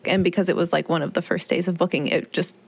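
A woman working as a travel agent, telling a story in animated, chatty podcast conversation. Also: fairly low pitch, fast, creaky, slightly rough. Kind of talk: casual podcast chat.

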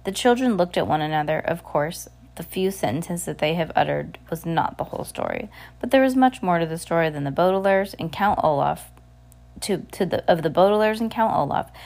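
A woman's voice: lowish voice, darkish tone. A woman reading a novel aloud in an unpolished way, restarting words as she goes. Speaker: reader.

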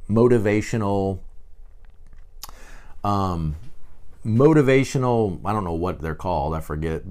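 A man's voice: lowish voice, clean tone. A man teaching in a conversational, digressive way, with frequent asides and fillers. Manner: animated, digressive, many fillers.

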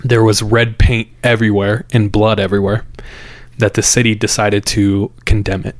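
Low-voiced man telling a spooky story. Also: flat delivery, normal speed, no room sound. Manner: builds suspense, acts out quoted voices. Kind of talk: casual storytelling.

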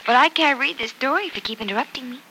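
Speaking very fast in a high, pushed, bright voice, a young woman acts as a kind bride-to-be who patiently reads a fairy tale to a little girl. The performance is 1940s radio-play acting, and the low-quality recording has a little hiss or hum.

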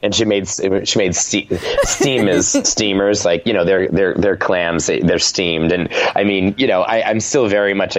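A man's voice: sits low, highs cut off. A man in his thirties from Rhode Island, a fitness instructor chatting as a podcast guest, rambling with many fillers and restarts. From Rhode Island, USA. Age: 30s. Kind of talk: casual podcast interview.

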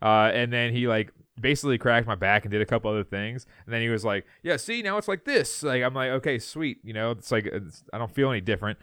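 A young man co-hosting a podcast, talking casually in halting bursts with repeated words. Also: mid-range voice, a bit bright, clear, resonant tone, no echo, studio quality. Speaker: podcast co-host. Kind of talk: casual chat.

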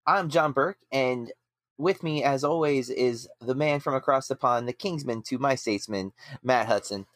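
A man's voice: medium pitch, normal speed, a bit bright, no room sound, studio quality. A man hosting a casual movie podcast, easygoing with lots of ums and uhs. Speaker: podcast host.

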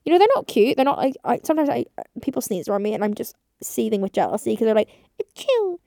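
A woman's voice: a little high, animated, racing, creaky, dark tone, no echo. A woman in her twenties hosting a casual solo podcast, rambling and chatty, swearing often and saying "like" constantly. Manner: rambling, chatty, swears a lot, heavy use of like. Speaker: podcast host.

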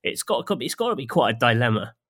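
A man's voice: medium pitch, very animated, fast talker, fairly bright tone. A man co-hosting a podcast in casual chat, musing loosely and trailing off with fillers. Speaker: podcast co-host.

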